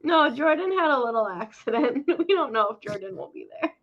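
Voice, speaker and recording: A woman's voice: on the high side, animated, fairly quick. A woman joining a podcast in casual chat, bubbly and teasing, laughing often. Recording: dull lo-fi sound.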